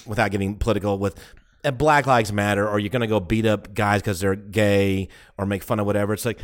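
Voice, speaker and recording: A man's voice: lowish voice, steady tone, fairly quick. A man co-hosting a casual comedy podcast, wry and questioning, with casual swearing. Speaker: podcast co-host.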